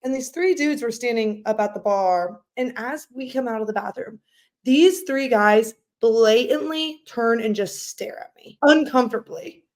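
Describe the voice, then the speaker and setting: Casual podcast chat, young woman, slightly high voice, loud and laughing. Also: measured pace. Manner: loud, animated storyteller who laughs often. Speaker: podcast co-host.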